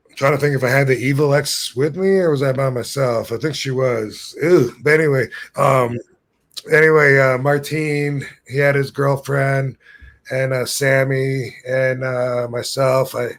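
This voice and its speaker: A podcast host in his fifties tells a long, wandering story casually, often losing his thread and laughing at his own tales. His mid-range voice is level, unhurried, and fairly bright.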